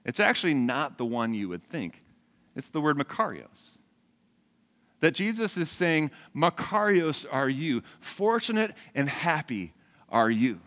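A male pastor in his forties preaches to a live congregation, his pitch rising and falling with animated, expressive range. He talks conversationally and keeps turning to the crowd with questions. His voice carries a long reverb from the large church hall. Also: unhurried. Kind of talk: sermon.

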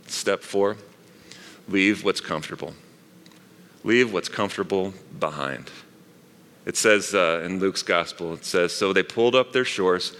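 A man's voice: on the low side, pushed and bright. A middle-aged man, a pastor, preaching a sermon in a chatty way, with asides to the congregation. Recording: long reverb of a large hall.

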